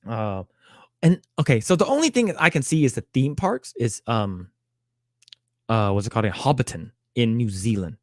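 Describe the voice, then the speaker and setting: A man co-hosting a casual talk show, reading headlines and then commenting on them. His voice sits at a middle pitch, and the sound is close and dry with no room around it. He often stalls on repeated words and fillers such as "uh.". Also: expressive, normal speed, a little mellow, dry recording. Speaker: podcast co-host. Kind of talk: casual chat reading news.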